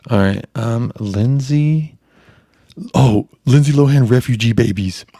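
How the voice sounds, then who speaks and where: A man's voice: medium pitch, unhurried, warm tone, husky, dry recording, clean studio sound. A young man hosting a podcast, telling stories in crude, profanity-heavy casual chat. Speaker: podcast host.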